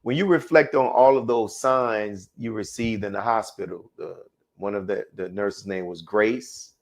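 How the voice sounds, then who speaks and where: A man's voice: fairly low pitch, measured pace. A man hosting a faith interview, asking questions in a loose conversational way with restarts. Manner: conversational, searching for words. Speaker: host.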